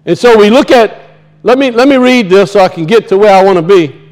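High-voiced man preaching a sermon. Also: a little fast, a little mellow, poor audio. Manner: emphatic, rhetorical questions, repeats words. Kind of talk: sermon with scripture reading.

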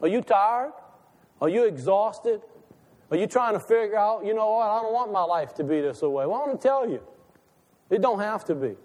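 In a church sanctuary, a male preacher gives a sermon at a normal pace, his high voice expressive and slightly mellow. He starts out folksy and conversational before building to impassioned calls, all wrapped in the long echo of the hall.

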